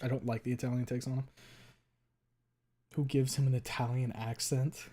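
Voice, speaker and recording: A man streaming live, chatting casually with his viewers. He swears often, fills his talk with "like", and gets loud and high when something amuses him. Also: little pitch movement, moderate pace.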